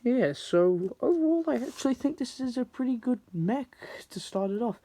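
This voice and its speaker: A man's voice: very high-pitched, expressive, normal speed, dark tone, no echo. A man giving a casual, chatty toy review. He rambles a little and uses a lot of filler likes.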